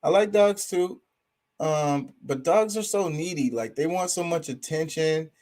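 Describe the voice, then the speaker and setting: A man's voice: a little high, measured pace, darkish tone. Chill guy going on about pets, cussing, lots of likes and you knows. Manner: rambling, profane, laid-back, lots of fillers. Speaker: streamer. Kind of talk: casual opinion talk.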